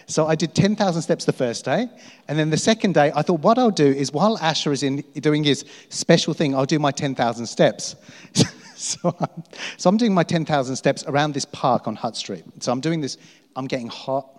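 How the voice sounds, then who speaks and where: Casting: middle-aged male pastor, slightly high voice, self-mocking storyteller, long hall reverb. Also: moderate pace. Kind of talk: sermon.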